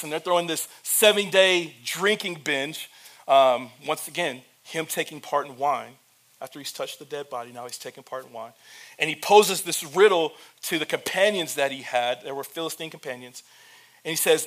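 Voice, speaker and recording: Man with a slightly high voice, preaching with humor and talking straight to the congregation. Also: moderate pace. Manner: lively storytelling with humor; addresses the church directly. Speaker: pastor. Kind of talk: sermon.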